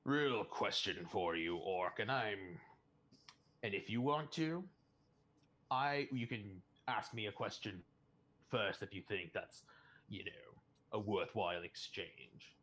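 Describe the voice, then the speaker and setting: Man doing a cheeky smooth-talking prisoner, lowish voice, unhurried and wry. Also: animated, a bit bright, exaggerated voice. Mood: wry, probing.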